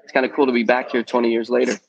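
A man's voice: medium pitch, level tone, racing, creaky, low-quality recording. A man in his forties, a youth ministry guest, candidly sharing his personal testimony in a podcast interview. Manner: earnest, candid, peppered with "um" and "man".

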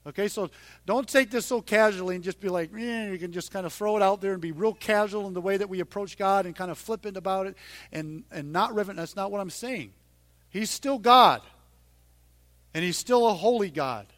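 High-pitched guy preaching a sermon, chatty, goes soft then loud. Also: a little fast, no echo. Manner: conversational, swings from hushed to loud and emphatic. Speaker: pastor.

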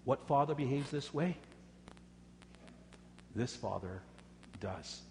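A man preaching a sermon, swinging dramatically between loud emphasis and hushed words. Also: medium pitch, expressive, takes it slowly, creaky, a little hiss or hum. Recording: echoey hall reverb.

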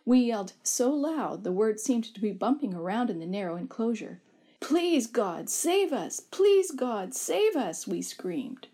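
Woman reading a story aloud. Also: mid-range voice. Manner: measured, expressive reading that lifts her voice for shouted quotes. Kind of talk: scripted first-person story narration.

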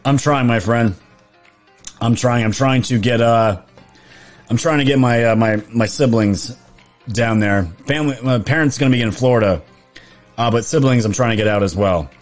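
A man's voice: mid-range voice, moderate pace, soft background music. A man, chatting casually on a live stream, reading viewer comments, laughing often and restarting his sentences. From New York.

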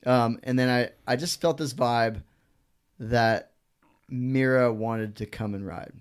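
A man spins a long personal story in a relaxed podcast chat. His voice sits at an everyday middle pitch. He rambles on, leans on "like" and acts out what people said, and curses freely along the way. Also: slow pace, clear, resonant tone. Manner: rambling, full of "like" and acted-out quotes; swears freely. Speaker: guest. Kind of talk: casual storytelling.

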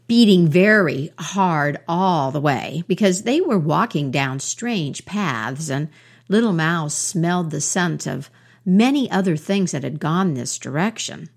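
A woman storyteller telling a folk tale aloud in a gentle, measured way. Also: lowish voice. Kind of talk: oral storytelling.

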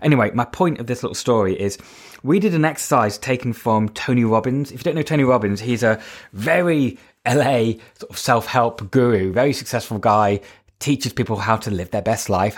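A man with a northern English accent, a coach hosting his podcast in a casual, chatty monologue full of fillers and self-deprecating asides. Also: lowish voice. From Northern England.

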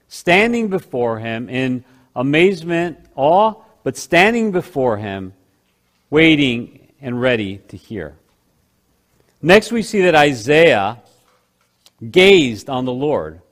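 A man preaching a sermon, slowing down to stress key phrases and swinging between loud and hushed delivery. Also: a little high.

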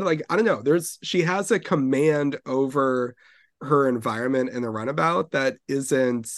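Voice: mid-range voice, measured pace, dry recording, studio quality. A podcast co-host in casual chat, talking enthusiastically and acting out characters' lines with gusto.

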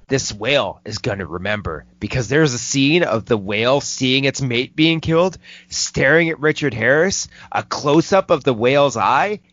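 A man hosting a casual movie review podcast, swearing a lot and rambling excitedly. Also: medium pitch, dry recording. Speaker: film podcast host. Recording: dull lo-fi dry recording.

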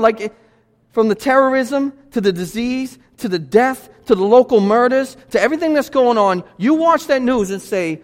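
A pastor with a high voice delivers a lively, conversational sermon, tossing rhetorical questions to his congregation. His voice rings out through a church sanctuary with a long reverb tail. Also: moderate pace. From United States.

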